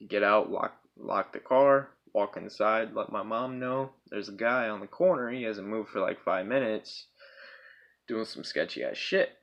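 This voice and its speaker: A man's voice: on the low side, a little slow, gravelly, a bit bright, dull audio. A young man casually telling a personal story, rambling and swearing a lot, often checking in with his listeners. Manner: profane, rambling, checks in with 'right?' and 'bro'.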